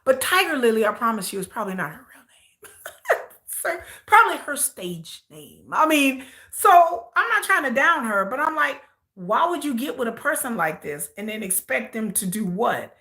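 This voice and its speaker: Bright-voiced American woman ranting. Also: on the high side, very animated, normal speed. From United States. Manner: outspoken, incredulous ranting with mocking mimicry. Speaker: live-stream host reacting to a reality show. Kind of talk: casual livestream commentary.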